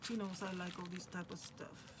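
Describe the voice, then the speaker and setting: A woman's voice: lowish voice, little pitch movement, normal speed. A woman, hosting a craft channel and gushing over the crafting supplies she unboxes. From Puerto Rico. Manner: gushing, enthusiastic. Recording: noticeable background noise.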